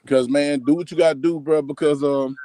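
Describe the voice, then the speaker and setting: A man's voice: on the high side, steady tone, fairly quick, warm tone, dry recording. An older man joining a casual live-streamed chat as a guest, rowdy and joking and swearing freely, over a video call.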